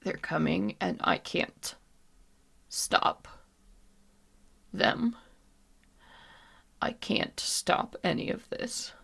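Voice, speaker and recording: A woman's voice: deep voice, measured pace, gravelly, slightly rough, heavily acted. Woman doing a frantic woman turning undead. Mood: despairing. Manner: panicked, pleading, breaking into whispers.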